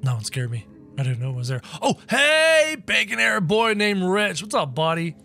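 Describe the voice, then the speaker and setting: A snarky, mischievous cartoon rabbit, played by a man in a game video. The voice sits high and swings widely, bursting into panicked yelps. His tone is bright and sharp. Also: normal speed, gravelly, soft background music, exaggerated voice. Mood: nervous. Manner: excitable, yelps and panics loudly. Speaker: gamer playing in character. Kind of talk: in-character game commentary.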